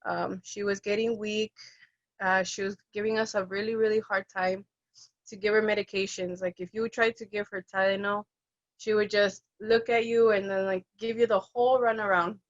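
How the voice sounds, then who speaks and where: A woman's voice: mid-range voice, moderate pace, no echo. A young woman who works as an end-of-life caregiver tells a personal story, acting out the voices of the people in it. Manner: animated, acts out quoted voices. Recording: dull, dry lo-fi recording.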